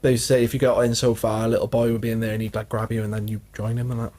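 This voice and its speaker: A man's voice: medium pitch, level tone, rapid-fire, dark tone. A young man co-hosting a casual podcast, telling family stories and laughing often. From Wales. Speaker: podcast co-host. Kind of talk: casual chat.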